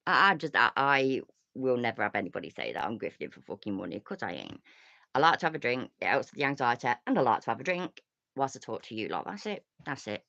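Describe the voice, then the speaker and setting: A woman's voice: a bass voice, very animated, quick pace, gravelly, sharp tone, dry recording, highs cut off. A woman hosting a casual livestream chat, ranting and swearing freely. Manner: ranty, sweary, chatty. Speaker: host.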